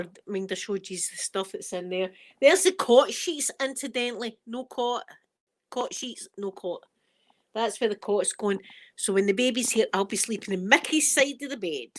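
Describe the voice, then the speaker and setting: A Scottish woman chatting casually while showing viewers around her home, rambling and laughing often, on a phone she carries around. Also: mid-range voice. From Scotland. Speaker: ASMR channel host.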